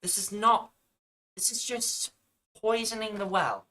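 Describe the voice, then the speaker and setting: A woman's voice: medium pitch, unhurried, sharp tone, rough recording. A woman giving reaction commentary on a video, arguing back at the screen in an exasperated, argumentative way.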